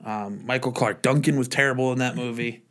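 A man's voice: medium pitch, fairly even intonation, brisk, fairly bright tone. A man hosting a casual chat, opinionated and profane, often laughing. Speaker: podcast host.

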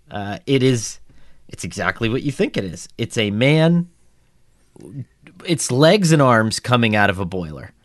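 A man's voice: fairly low pitch, no room sound, studio quality. A man co-hosting a football podcast, telling stories in a wry, amused way in casual chat. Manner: wry, amused storytelling with chuckles. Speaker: podcast co-host.

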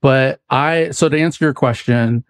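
A man's voice: mid-range voice, measured pace, smooth, no echo, studio quality. A young adult man from the US West Coast, a podcast guest talking casually, loose and rambling with frequent laughs. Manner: relaxed, rambling, laughs often. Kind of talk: casual chat.

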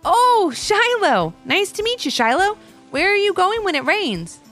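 A woman voicing an excited, eager young boy in a children's story. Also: very high-pitched, measured pace, soft background music, voice pushed up, full character voice.

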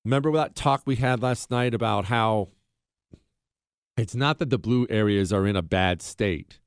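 A man hosting a talk radio show, telling a story in an animated way with sarcastic asides, recorded on a dry close studio mic. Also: on the low side, moderate pace, vocal fry, smooth, no echo.

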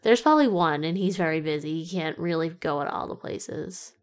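A woman's voice: low-pitched, brisk. A woman co-hosting a casual movie review chat, making dry, wry jokes. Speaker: podcast co-host.

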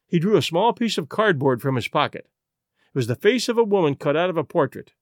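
A man narrating a classic detective story as an audiobook reader, in an expressive, dramatic way. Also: fairly high pitch, fairly quick, dry recording, studio quality. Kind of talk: scripted narration.

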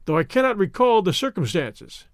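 A man reading the part of a calm, stern gentleman hero, speaking in a measured way. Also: high voice, no echo, clean studio sound. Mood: polite.

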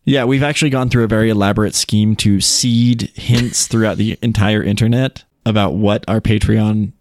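A man co-hosting a podcast in casual chat, friendly and easygoing, with halting phrases and fillers. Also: on the low side, steady tone, darkish tone, no echo. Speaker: podcast co-host.

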